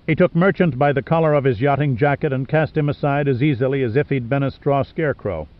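A man reading an audiobook in steady scripted narration. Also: mid-range voice, fast talker, muffled recording.

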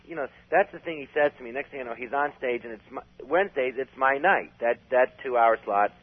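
A man's voice: mid-range voice, fairly quick. A man telling a long story in a casual, rambling way, full of restarts. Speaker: comedian guest. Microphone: phone. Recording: tinny phone line.

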